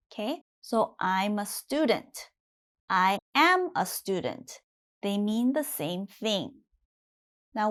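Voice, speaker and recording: A young adult woman teaching beginner English, saying each example sentence twice in patient classroom drills. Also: a little high. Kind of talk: slow, clear classroom drills for learners.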